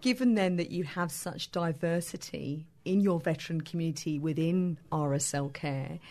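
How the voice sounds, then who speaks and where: Woman, interviewer, lowish voice, calm measured questions.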